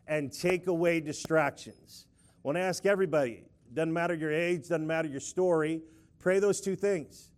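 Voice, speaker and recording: A middle-aged man preaching a lively sermon, playfully leading the congregation in call-and-response and prayer. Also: high-pitched, normal speed.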